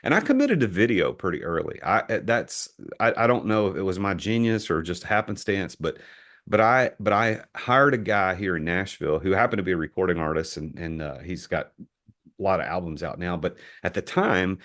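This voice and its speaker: A middle-aged man from the US, a podcast guest telling a business story in an animated way, often repeating words as he starts a sentence. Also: low voice, normal speed. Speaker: entrepreneur guest.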